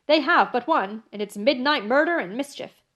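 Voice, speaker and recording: A woman reading the part of a brisk, stubborn, fiercely loyal English maid, speaking emphatically in an audiobook. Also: sits high, animated, fairly bright tone. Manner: emphatic, brusque.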